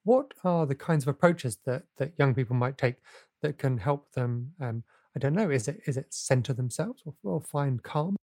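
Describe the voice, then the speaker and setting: A man's voice: mid-range voice, expressive, normal speed, a little mellow, dry recording, studio quality. A man hosting a podcast, asking curious, reflective questions with a few fillers. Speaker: podcast host. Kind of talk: podcast interview.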